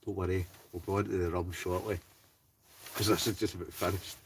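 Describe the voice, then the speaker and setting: Brisk and low-pitched with little variation, a Scottish livestreamer from Ayrshire reads viewer names and laughs casually from inside his heated tent in the snow. The mic is distant and the background is noisy.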